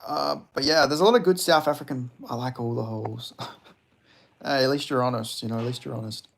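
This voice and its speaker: Young male streamer, gravelly fry, loose, laughing, swears freely. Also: mid-range voice, brisk, a bit bright, a little hiss or hum. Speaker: livestream host reading chat. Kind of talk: casual stream chat.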